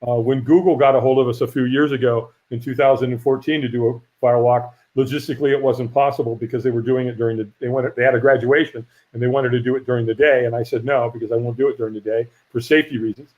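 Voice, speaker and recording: A middle-aged man, a firewalk instructor, telling a lively story in a casual interview and acting out the voices of people he quotes. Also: mid-range voice, fast talker, hardly any pauses. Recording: dull lo-fi audio.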